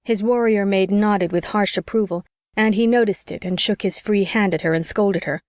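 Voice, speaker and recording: Woman, audiobook narrator, first-person storytelling, mid pitch, dry close recording. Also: normal speed, darkish tone, no room sound.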